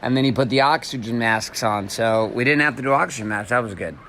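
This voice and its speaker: A man co-hosts a podcast in an easygoing, conversational manner. He sometimes stumbles a little over his words. His voice sits at a medium pitch. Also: slight background noise. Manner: relaxed, conversational, a little halting. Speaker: podcast co-host. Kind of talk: casual conversation.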